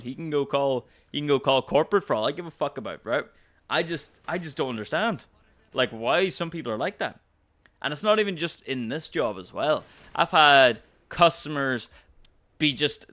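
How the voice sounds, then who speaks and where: A man's voice: medium pitch, pushed and bright. A young Irish man ranting about customer service work, exasperated and swearing freely, tagging on "right?" again and again. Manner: exasperated, profane, rhetorical "right?". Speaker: commentary YouTuber. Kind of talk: ranting storytime commentary.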